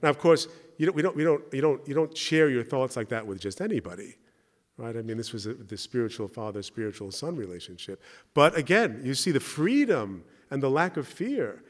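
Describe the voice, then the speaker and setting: A middle-aged man addresses a church gathering in an easy, conversational manner, checking in with the listeners as he goes. His voice sits at an ordinary mid pitch. The sound carries the long reverb of a large hall. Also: big pitch swings, brisk. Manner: conversational, keeps checking with the audience by asking "right?". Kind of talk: spoken talk with anecdotes.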